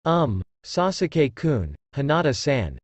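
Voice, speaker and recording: A man's voice: on the high side, very animated, unhurried, no room sound. A man voicing a shy young girl who stammers and hesitates.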